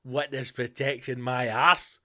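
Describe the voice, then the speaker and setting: A man's voice: mid-range voice, flat delivery, measured pace, pushed and bright. A Scottish man hosting a podcast, delivering a sweary, sarcastic comedic rant. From Scotland. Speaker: podcast host.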